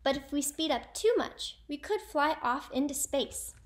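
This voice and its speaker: An eager young girl who knows her space facts, confident and keen in a storybook voice. She sounds bright and high. A woman acts her out. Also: animated, unhurried. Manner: eager, confident, know-it-all. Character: eager, knowledgeable schoolgirl, space fan.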